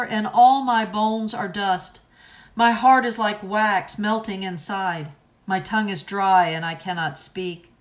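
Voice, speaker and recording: A woman reads scripture aloud in a solemn, deliberate liturgical manner. Her voice is pitched in the middle for a woman, and she takes each phrase carefully. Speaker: scripture reader. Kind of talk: liturgical reading.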